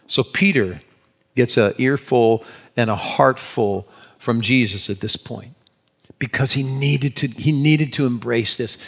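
A pastor preaching an animated sermon, acting out the scenes as he tells them. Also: mid-range voice.

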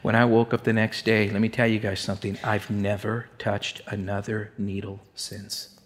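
A man's voice: fairly low pitch, level tone, normal speed, a crowd in the background, background noise. Man giving an emotional testimony. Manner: candid, streetwise, emotional storytelling. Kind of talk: personal testimony to a congregation.

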